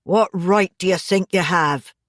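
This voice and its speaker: A woman's voice: lowish voice, unhurried, dry recording, studio quality, lightly acted. A woman reading the lines of a tense, frustrated middle-aged father in an audiobook, curt and defensive.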